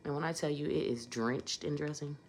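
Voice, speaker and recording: A woman's voice: low-pitched, a little fast, a little mellow, slight background noise. A woman telling a casual storytime vlog in a conversational way, getting emphatic in her asides.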